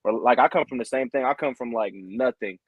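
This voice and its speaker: A man's voice: mid-range voice, brisk, slightly rough, no room sound, narrow, tinny audio. A young man chatting on a podcast in a rambling, earnest way, often tagging on "you know what I mean". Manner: earnest and heartfelt. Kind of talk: casual podcast chat.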